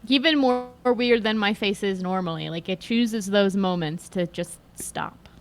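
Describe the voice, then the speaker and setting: A woman's voice: medium pitch, a little slow. A woman in casual livestream banter, wry and self-deprecating.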